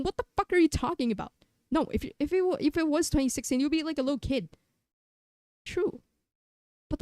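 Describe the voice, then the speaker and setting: A young woman live-streaming who rambles chaotically, swears a lot and argues with herself in quick back-and-forth. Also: sits high, a little mellow, no echo, clean studio sound. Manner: jumps between silly sounds, jokes and random tangents. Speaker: variety streamer.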